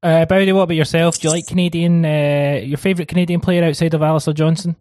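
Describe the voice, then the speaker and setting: Teasing podcast host. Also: male voice, fairly high pitch, fairly even intonation, fast, a little mellow, no echo, clean studio sound. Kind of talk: casual chat.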